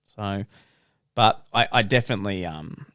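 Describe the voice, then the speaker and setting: A young man with a lowish voice, talking easily on a podcast. He is frank and relaxed, dropping casual swears as he makes his points. The sound is dry and close-miked. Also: normal speed, no room sound. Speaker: podcast co-host. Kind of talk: casual chat.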